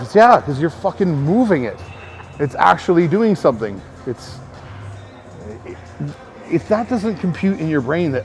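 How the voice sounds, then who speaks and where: Rambling, profane male trainer, higher voice. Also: lively intonation, fairly quick, vocal fry, faint music behind. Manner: rambling, profane, filler-heavy. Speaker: personal trainer. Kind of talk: casual fitness coaching talk to camera.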